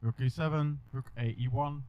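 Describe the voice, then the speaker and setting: A man's voice: medium pitch, fairly even intonation, normal speed. A man teaching a chess video lesson, talking through the moves with small restarts. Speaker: chess coach. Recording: dull, dry recording.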